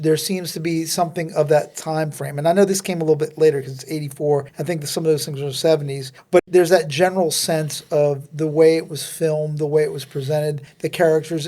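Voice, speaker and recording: New orleans guy on a film podcast, kinda higher voice, thinking out loud. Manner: musing, reflective. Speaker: podcast co-host. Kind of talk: casual film discussion.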